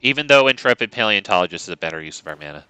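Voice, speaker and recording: A man's voice: on the low side, very animated, very fast, bright, forceful tone, smooth, dry recording, rough recording. A man streaming a card game, chatting casually with viewers in a joking, sarcastic, rambling way. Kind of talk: casual gameplay commentary.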